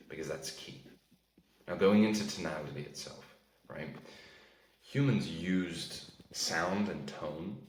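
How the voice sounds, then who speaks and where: A man's voice: low-pitched, reverberant, poor audio. A man coaching on sales in a casual teaching talk, often checking in with "right?" and "okay?". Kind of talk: instructional talk to camera.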